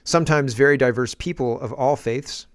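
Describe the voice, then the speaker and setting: A male politician's statement comes across slowly and deliberately, as a man reads it out. The pace is measured and the tone stays formal. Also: mid-range voice, no room sound, close to an everyday voice. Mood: reading aloud. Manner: slow, deliberate reading.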